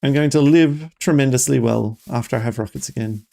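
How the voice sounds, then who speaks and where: A streamer giving excitable, chatty live gameplay commentary and talking straight to the viewers. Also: mid-range voice, a little fast, creaky.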